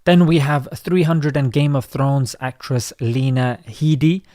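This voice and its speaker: A man's voice: medium pitch, fairly even intonation, measured pace, warm tone, no echo, clean studio sound. A man commenting on social media posts in a conversational, opinionated way.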